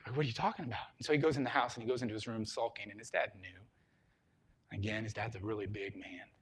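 A middle-aged man preaching a sermon, telling a story and swinging from loud emphasis to a hushed voice. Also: lowish voice, steady tone, quick pace, slightly rough. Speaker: pastor.

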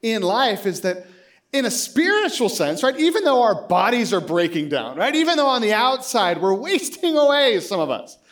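At a moderate pace, a late-thirties pastor delivers his sermon in a high voice that bounces and ranges widely in pitch. Bringing his stories to life, he plays both parts of the dialogue and laughs frequently while speaking.

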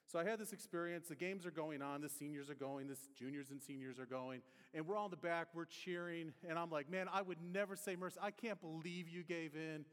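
A man, preaching a sermon in a relaxed, conversational way and telling a personal story with humor. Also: fairly high pitch. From Detroit area, USA. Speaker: pastor. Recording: reverberant hall.

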